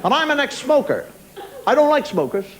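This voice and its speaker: A middle-aged stand-up comedian rants in exasperation about everyday annoyances on a television studio stage, mimicking people and car horns for a live audience. His voice is very high with big pitch swings and a slightly fast pace. The live show audio carries audience noise.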